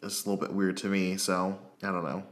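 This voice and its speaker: A man's voice: low-pitched, monotone, a little fast. A man co-hosting a podcast in casual chat, giving frank, blunt verdicts with hesitant restarts. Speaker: podcast co-host. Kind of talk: casual chat reviewing a reality show.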